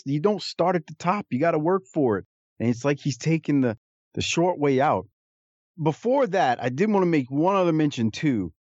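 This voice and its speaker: Relaxed rambling man, dry close mic. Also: fairly high pitch, dry recording, lo-fi sound. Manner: rambling, amused, with frequent restarts. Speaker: podcast co-host. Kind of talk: casual chat.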